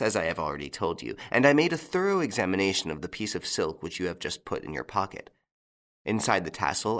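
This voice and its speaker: A man voicing a mocking, playful gentleman thief in an audiobook, teasing and taunting with big swings in pitch. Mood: smug. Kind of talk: audiobook character reading.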